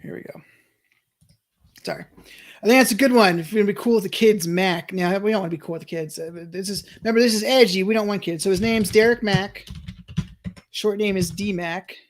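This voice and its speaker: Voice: mid-range voice, brisk. A young adult streamer in casual let's-play commentary, thinking aloud and chuckling, with frequent restarts while reading chat. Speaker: streamer playing a wrestling management game.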